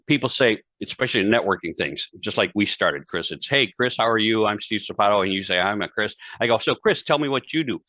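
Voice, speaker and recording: A man's voice: on the low side, lively intonation, fast talker, few pauses, bright, forceful tone, dry recording. A man, a guest speaker and author, talking conversationally and acting out quoted dialogue in his stories. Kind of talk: conversational interview talk. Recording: dull, dry lo-fi sound.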